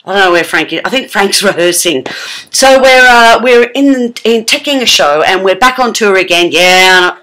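An Australian woman chatting in a lively, theatrical way for her tour vlog, sometimes dropping to a whisper. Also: mid-range voice, moderate pace. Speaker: vlogger.

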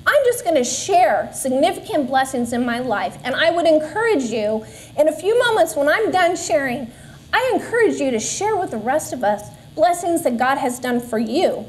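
A woman's voice: high voice, sing-song, normal speed, slight background noise. A woman in her forties telling a personal faith testimony to a church group, earnest with self-deprecating asides. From Southern California. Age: 40s. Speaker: Sunday school speaker. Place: church classroom.

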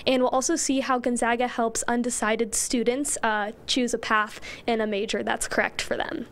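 A young female student explains her group's show plan in a high voice, earnest and steady. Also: normal speed. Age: young adult.

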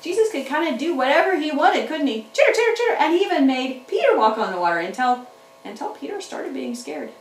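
A woman teaching children's church, telling a Bible story to young kids in an animated way and chatting with her puppets. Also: high voice, fairly quick. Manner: animated, talks back to puppets. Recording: roomy room, mic at a distance.

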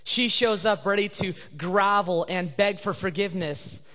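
A man's voice: high-pitched, measured pace, sharp tone. A male pastor preaching a sermon and telling a story with emotion, at times tearful. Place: church sanctuary. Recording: live church hall reverb.

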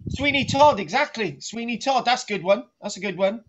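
An archaeology teacher with a very high, animated voice rambles a little fast through a comic online lecture, repeatedly saying "right." The sound is dull and lo-fi, with a noisy background.

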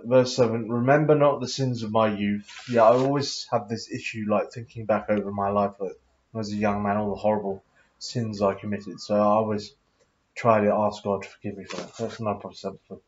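A man's voice: on the low side, a little hiss or hum. A man rambling through a solo monologue in a put-on posh accent, reading verses aloud, adding loose comments and humming to himself. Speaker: vlogger. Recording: dull lo-fi recording.

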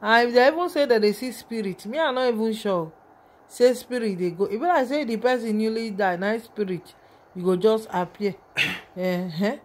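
A woman's voice: fairly high pitch, normal speed. A woman with a Nigerian accent giving an emotional, rambling vlog commentary on a video, often calling out to her viewers.

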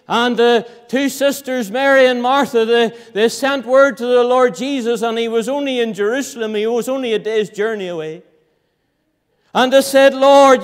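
Guy preaching, really high voice, rich resonant tone, big fiery-to-hushed swings. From Northern Ireland. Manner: impassioned, swinging from loud cries to hushed low lines. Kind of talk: sermon. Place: church hall. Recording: reverberant church hall.

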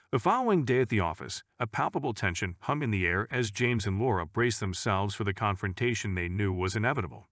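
A man reading a scripted story in a measured, even storytelling manner. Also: fairly low pitch, no room sound, studio quality. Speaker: narrator.

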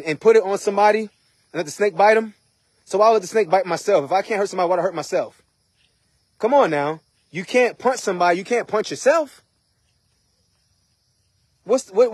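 Husky high-voiced male preacher. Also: a little mellow, dry recording, clean studio sound. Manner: conversational, repeats rhetorical questions. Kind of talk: informal sermon.

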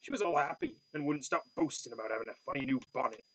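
A man's voice: medium pitch, animated, fast, fairly bright tone, slightly rough, no room sound, rough recording. A man voicing a grasping male lodging-house manager who talks bluntly and haggles over money. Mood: grumbling.

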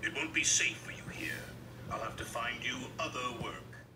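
A man's voice: medium pitch, normal speed, whispered, natural voice. A man voicing a stern older male railway boss in a storybook reading, speaking firmly. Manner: stern, firm. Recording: roomy, distant, loud music behind.

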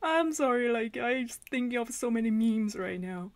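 A woman in her thirties hosting a reaction video, chatting casually and gushing excitedly as she laughs. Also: fairly high pitch, normal speed. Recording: noisy home recording with clicks.

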